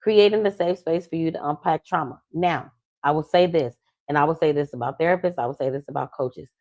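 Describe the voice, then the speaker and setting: A woman who is a love coach and podcast host, chatting casually, telling lively stories and acting out the people she quotes, with slangy talk. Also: sits low, brisk, no room sound. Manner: animated storytelling, acts out quoted people; slangy, conversational.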